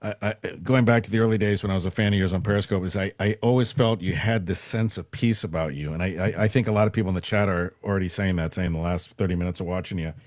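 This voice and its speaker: A man's voice: deep voice, steady tone, quick pace, hardly any pauses, darkish tone, no echo, studio quality. A man hosting a casual interview, reflective and searching for his words, often restarting sentences. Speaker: podcast host.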